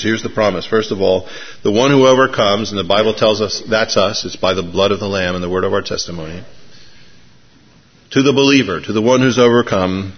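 A man preaching a sermon, telling a story with dramatic swings between soft and loud delivery. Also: mid-range voice, normal speed. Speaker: pastor. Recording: dull lo-fi recording.

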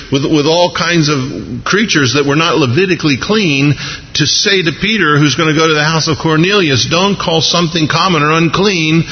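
Male pastor, joking sermon style, long hall reverb, dull radio sound. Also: on the high side. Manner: folksy, humorous, acts out scenes with voices.

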